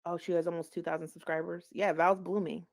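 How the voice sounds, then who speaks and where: A woman's voice: lowish voice, little pitch movement, fast talker, creaky, darkish tone. A woman giving casual, gossipy commentary on online drama. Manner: chatty, gossipy, laughs at own stumbles. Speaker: commentary streamer.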